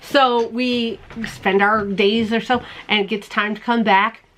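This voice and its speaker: A woman hosting a crafting channel, telling stories in a casual chat, animated and quick to laugh as she acts out her own panic. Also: fairly high pitch.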